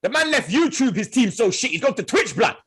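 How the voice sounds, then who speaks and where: A young man throws heated football banter at rival fans, shouting and laughing. His voice sits very high with a bright, forceful edge and a husky grain, and it swings in lively leaps. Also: fairly quick. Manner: trash-talking, shouty, laughing. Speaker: football podcast host.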